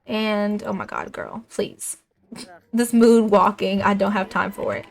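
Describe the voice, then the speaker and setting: A woman's voice: medium pitch, sing-song, a little slow, vocal fry. A young woman giving casual commentary as she plays a life-sim game, chatting along and speaking her characters' lines in her own voice. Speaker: let's play gamer.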